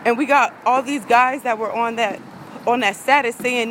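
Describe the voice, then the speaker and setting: A woman's voice: fairly high pitch, normal speed, a bit bright, slight background noise, rough recording. A woman, a vlogger in an angry rant to her viewers, heated, profane and repeating herself.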